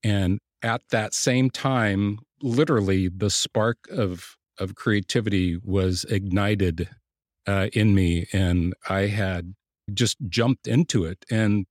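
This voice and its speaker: A man's voice: lowish voice, slow pace, no echo, clean studio sound. A man answering interview questions in a reflective way, often restarting sentences. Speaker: guest painter.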